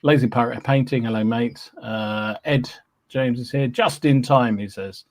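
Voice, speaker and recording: A man hosts a casual live show in an easygoing, rambling way, full of fillers and small hums between names. His voice sits at an ordinary middle pitch. It is recorded close and dry, with no room sound at all. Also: unhurried, no echo. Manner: chatty and easygoing, with many fillers and humming. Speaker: podcast host. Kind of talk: casual live-stream chat, reading out viewer names.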